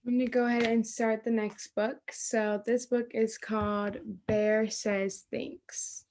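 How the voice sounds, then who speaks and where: A woman's voice: fairly high pitch, a little hiss or hum. A woman reading a picture book aloud to children over a video call, acting out the lines and adding asides about the pictures. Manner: slow, expressive read-aloud with pointing asides. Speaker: storytime reader.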